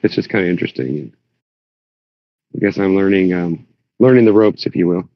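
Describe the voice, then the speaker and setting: A man chatting casually on a voice call, rambling through a story and getting animated when he quotes himself. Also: deep voice, a little fast, no echo. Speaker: Discord server member. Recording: dull lo-fi voice chat audio.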